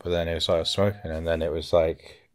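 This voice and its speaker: Male podcast host, very low voice, laid-back storyteller. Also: flat delivery, normal speed. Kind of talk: casual podcast chat.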